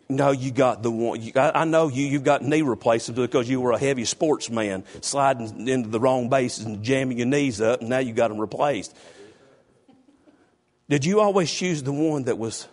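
A middle-aged man preaching a sermon, calling on his congregation by name and rising to loud exhortation. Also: medium pitch, moderate pace. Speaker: pastor.

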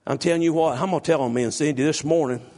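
A middle-aged man preaching a sermon, calling on his congregation by name and rising to loud exhortation. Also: fairly high pitch, very fast. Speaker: pastor.

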